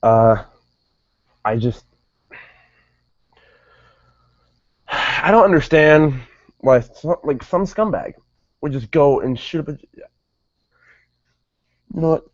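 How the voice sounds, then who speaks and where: A man's voice: on the high side, expressive, extremely slow, pauses often, no echo. A man giving a casual, rambling spoken review, often wandering off topic and correcting himself. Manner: rambling, digressive, self-correcting. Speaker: wrestling show reviewer. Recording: dull lo-fi dry recording.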